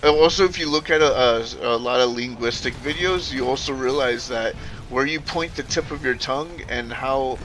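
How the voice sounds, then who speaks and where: Fields: man. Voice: bright, sharp. Style: rambling casual chat while gaming. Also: medium pitch, moderate pace, few pauses, slight background noise. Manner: rambling, filler-heavy, swears casually. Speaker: streamer.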